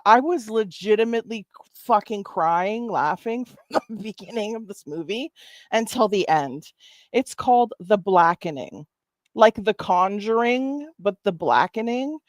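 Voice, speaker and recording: A woman's voice: medium pitch, no room sound. Woman, reaction streamer, casual swearing, frequent laughter, dry close mic. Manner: laughs a lot, swears, talks to chat.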